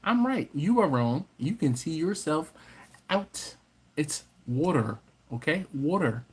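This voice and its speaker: A man, his voice sitting a touch high, hosts a relaxed late-night livestream. He reads out viewer comments and teases the chat in a loose, playful way. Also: slow pace, breathy edge. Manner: playful, teasing, banters with chat. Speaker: livestream host. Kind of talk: casual live chat reading comments.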